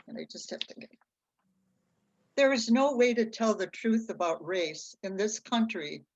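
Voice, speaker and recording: A woman slowly reading prepared reflections aloud, point by point. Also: mid-range voice, highs cut off. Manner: slow, deliberate, reads points aloud.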